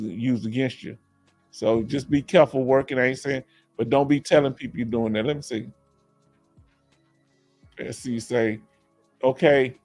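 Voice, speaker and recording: A man from Houston with a Texas accent, hosting a casual livestream Q&A through a headset, animated and laughing often with folksy slang. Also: on the high side. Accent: Southern US, Texas. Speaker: livestream host reading chat.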